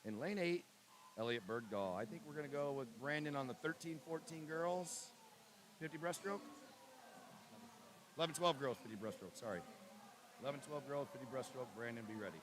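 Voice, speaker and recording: A man commentating a live swim meet, briskly reading out lanes, names and times and joking with his co-host. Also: on the high side. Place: indoor pool meet. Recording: loud crowd at a pool.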